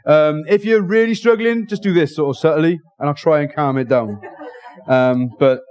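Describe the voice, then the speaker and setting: A man preaching a sermon in church, excitable and jokey, often rushing and restarting his sentences. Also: on the high side. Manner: excitable, fast-talking, jokey.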